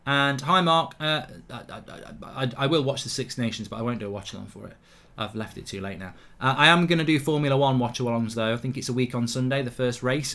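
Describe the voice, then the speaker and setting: Excitable man hosting a football watchalong. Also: medium pitch. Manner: excitable, blunt, swears freely. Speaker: host of a live football watchalong. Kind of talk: casual live match commentary and chat reading.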